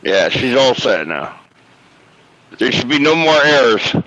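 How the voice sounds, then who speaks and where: A man's voice: medium pitch, sing-song, unhurried, fairly bright tone, dry recording, highs cut off. A man on a casual live stream, giving encouraging direction to a co-host. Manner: coaching, encouraging.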